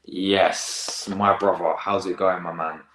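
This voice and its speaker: Low-voiced slangy teen lad streaming. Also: male voice, slow, roomy sound, poor audio. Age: teens. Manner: excitable, rambling, slangy. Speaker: football reaction host. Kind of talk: casual live-stream chat.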